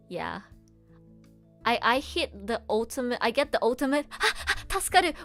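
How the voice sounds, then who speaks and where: A woman voice actress chatting casually on a livestream, excitable and gushing, laughing often. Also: medium pitch. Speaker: streamer and voice actress.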